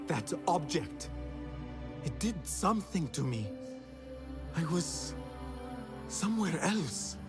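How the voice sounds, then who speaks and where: A frightened young thief, high and lively. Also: male voice, slow pace, long pauses, heavily acted. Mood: shaken. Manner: pleading, shaken delivery. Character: young male street thief, frightened and desperate. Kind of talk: video game cutscene acting. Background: game score music.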